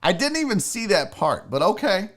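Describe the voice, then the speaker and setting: Guy hosting a live sports stream, cussing and ranting at chat, highish voice that swings all over. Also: normal speed. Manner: profane, animated, ranting to chat. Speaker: host of a live sports show. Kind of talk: casual live-stream commentary reading chat.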